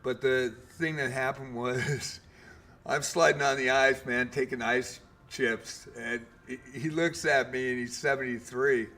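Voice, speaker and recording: Slow, rambling man telling a story. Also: medium pitch, steady tone, bright, forceful tone. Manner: rambling, full of fillers and mild swearing. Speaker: game streamer. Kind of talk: casual storytelling.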